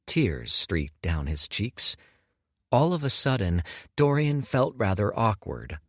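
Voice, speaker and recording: A man reading an audiobook in measured scripted narration. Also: fairly low pitch, very animated, a bit bright, dry recording, clean studio sound.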